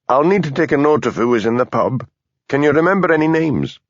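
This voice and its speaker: Brief: male narrator doing a calm, dry-witted Scottish Highland policeman, audiobook. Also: a little fast, no echo, highs cut off. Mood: mild. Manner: mild, dry, patient. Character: patient Highland police constable, tall man.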